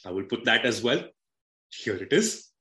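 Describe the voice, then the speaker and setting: A man's voice: mid-range voice, sing-song, moderate pace, sharp tone. A man co-hosting a podcast in casual cricket chat, joking and laughing often with swearing banter. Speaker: podcast co-host. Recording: echoey room.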